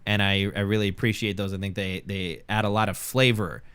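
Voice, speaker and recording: A man's voice: lowish voice, steady tone, a little fast, fairly bright tone, smooth. A young man co-hosting a podcast in casual chat, rambling with repeated words and frequent laughs. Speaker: podcast co-host.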